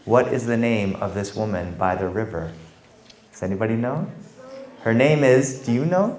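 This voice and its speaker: A man performing a story for children, dramatic and animated, addressing the audience directly, in an echoey room. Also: on the low side, normal speed. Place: performance space with a young audience.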